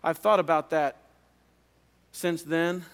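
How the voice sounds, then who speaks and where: A man, a pastor, preaching a revival sermon as an earnest personal testimony, often halting and repeating words. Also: fairly high pitch, steady tone, clean tone. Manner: earnest storytelling with halting restarts. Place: chapel. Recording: long reverb of a chapel.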